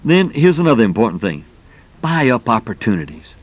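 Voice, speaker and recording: Male preacher, middle-aged, folksy and emphatic delivery, mid-range pitch. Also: sing-song, fairly quick, highs cut off. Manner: folksy and emphatic, exclamations of "man". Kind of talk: sermon.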